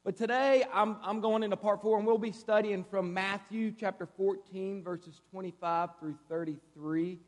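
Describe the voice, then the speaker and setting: A man preaching as a guest speaker in a church, with a lively, conversational style and playful asides. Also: high-pitched, moderate pace, hardly any pauses. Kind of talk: sermon. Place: church sanctuary. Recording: reverberant hall.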